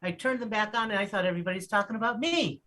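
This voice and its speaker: A woman's voice: mid-range voice, quick pace, sharp tone. A woman city councilor giving a playful, teasing tribute. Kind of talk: joking tribute over a video call.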